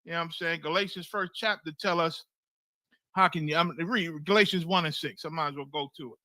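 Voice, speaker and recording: This scripture teacher preaches bluntly and emphatically, swearing freely, repeating phrases for emphasis, and repeatedly asking "you understand?". His voice is on the high side and sharp, a little fast, with no echo.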